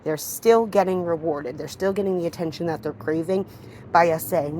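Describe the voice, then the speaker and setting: A woman dog trainer giving a hands-on demonstration, explaining calmly between short firm commands to the dog. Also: on the low side, normal speed, a little hiss or hum.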